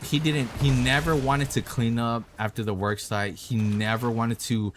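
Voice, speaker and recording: With a medium-pitched voice, fairly even intonation and a moderate pace, a young vlogger angrily tells a story about a coworker, cursing a lot and repeating himself. A little hiss or hum runs under the recording.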